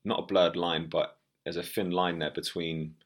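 A man hosting a podcast, speaking in a measured way and steering the conversation. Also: sits low, level tone, fairly bright tone. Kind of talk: casual podcast chat.

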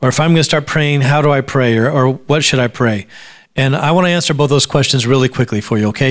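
A man's voice: medium pitch, fast. A man preaching as a pastor at a church service, talking conversationally, often repeating words as he starts a sentence, with dry sarcastic asides. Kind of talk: sermon.

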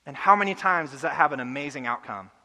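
A young adult man preaching a sermon earnestly, building to loud emotional peaks. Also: fairly high pitch, lively intonation, fast, big-room sound. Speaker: pastor. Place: church hall.

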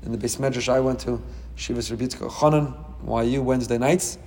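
Animated male rabbi in an echoey hall. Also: mid-range voice, a little hiss or hum. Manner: animated, dramatic storytelling with quick asides. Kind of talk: Torah class sermon.

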